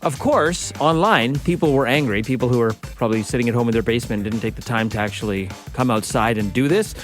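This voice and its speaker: A man co-hosting a radio show in a studio, chatting and reading out news stories in a relaxed way. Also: medium pitch, fast talker, faint music behind. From Canada. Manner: relaxed, newsy delivery. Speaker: co-host. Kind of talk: casual radio chat.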